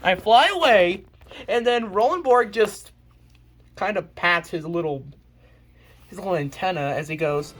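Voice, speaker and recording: A young woman reading her own old comics aloud, with animated, exasperated comedic commentary and laughing disbelief. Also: mid-range voice, normal speed, faint music behind.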